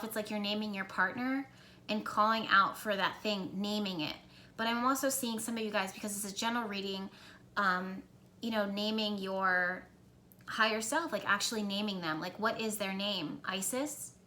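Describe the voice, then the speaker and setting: Bright-voiced woman giving a tarot reading. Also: mid-range voice, slight background noise. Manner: earnest, encouraging, rambling with restarts. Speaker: tarot reader. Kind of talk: casual spiritual tarot reading.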